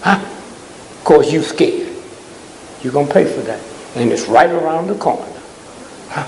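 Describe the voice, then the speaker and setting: A man giving a fiery, preaching-style talk to a live audience, blunt and scolding, often pausing to ask the crowd "huh?". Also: on the high side, lively intonation, slight background noise. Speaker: speaker addressing a live audience. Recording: echoey hall with long reverb.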